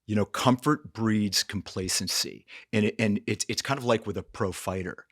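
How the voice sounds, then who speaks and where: A male actor with a lowish voice, speaking as a guest in a casual interview. He is earnest and animated, slipping into other voices when he quotes people. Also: moderate pace, breathy edge.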